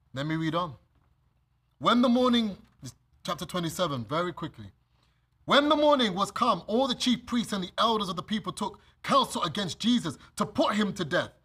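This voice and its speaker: A man with a British accent, preaching a sermon and reading scripture, animated and acting out the scenes. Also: high voice, slightly rough. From Britain. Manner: animated, acts out scenes, laughs often. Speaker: preacher leading bible study.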